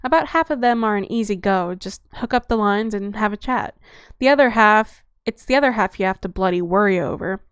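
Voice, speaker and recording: Brief: woman reader playing a blunt, chatty vampire girl; mid-pitched, dry close mic. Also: smooth, dry recording, natural voice. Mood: breezy. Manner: rapid breezy patter, crude slang.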